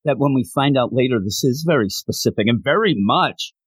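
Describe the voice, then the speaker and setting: A young man co-hosting a casual podcast, rambling and animated as he jumps between tangents. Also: mid-range voice, fairly quick, husky, no room sound. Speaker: podcast co-host. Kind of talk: casual chat.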